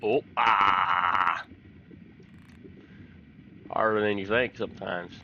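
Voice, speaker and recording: A man's voice: on the low side, unhurried, lo-fi sound, a little hiss or hum. A man from Texas, giving folksy, chatty commentary on a fishing game and telling fishing stories. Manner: folksy, chatty, excited when fish bite. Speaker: gaming channel host.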